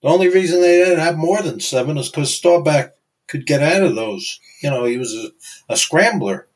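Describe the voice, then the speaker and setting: A man co-hosting a sports history podcast in a measured, conversational way, often saying "you know". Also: fairly high pitch, animated, poor audio. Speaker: podcast co-host. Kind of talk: casual sports chat.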